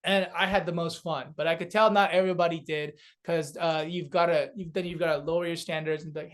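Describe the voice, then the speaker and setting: High-voiced man from South Korea, rambling. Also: steady tone, quick pace, hardly any pauses. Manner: loose and rambling, many fillers. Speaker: comedian guest. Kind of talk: casual interview chat.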